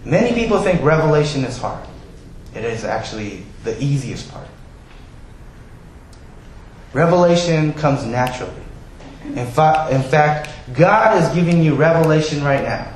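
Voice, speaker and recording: A man preaching a sermon, telling Bible stories in a lively way and acting out the characters' lines. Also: fairly high pitch, normal speed, long pauses, a little hiss or hum. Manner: animated storytelling, acts out quoted voices. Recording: very echoey hall, faint ambience.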